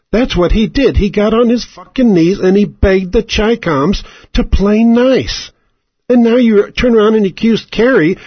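An angry man with a husky, fairly high voice rants on a radio show, swearing and mocking, firing one rhetorical question after another. The sound is dry and dull, with a lo-fi radio quality. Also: dry recording. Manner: furious, profane, mocking, shouting rhetorical questions. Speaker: radio host. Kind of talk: angry political radio rant.

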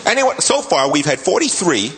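A male stand-up comedian from New York, working the room with showy, shouted crowd-work. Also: a little high, sing-song, a little fast. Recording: live club with loud crowd and noise.

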